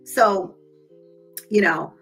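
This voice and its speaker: A woman's voice: mid-range voice, extremely slow, fairly bright tone, husky, soft background music. A woman hosting a live stream, who tells her own story candidly and speaks straight to her viewers. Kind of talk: casual live-stream talk.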